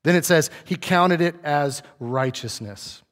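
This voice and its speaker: A man's voice: a little high, a little slow, a bit bright, big-room sound. A man preaching a conversational sermon, acting out the dialogue of the people he quotes. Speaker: pastor.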